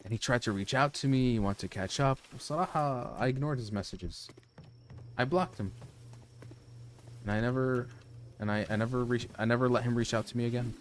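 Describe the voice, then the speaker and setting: A man streaming from home, telling a personal story to his chat in a casual, animated, profane way, full of restarts. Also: medium pitch, fairly quick, slight background noise. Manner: animated, profane, lots of restarts and "you know".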